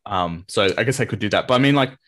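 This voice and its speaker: A man co-hosting a podcast, chatting casually in a rambling, relaxed way and laughing often. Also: lowish voice, fast. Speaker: podcast co-host. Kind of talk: casual chat.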